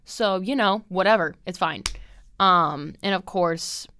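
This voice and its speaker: A woman's voice: lowish voice, unhurried, sharp tone, slight background noise. A young woman in her twenties hosting a casual solo podcast, chatty and candid, full of "like" and "um", swearing freely. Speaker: podcast host.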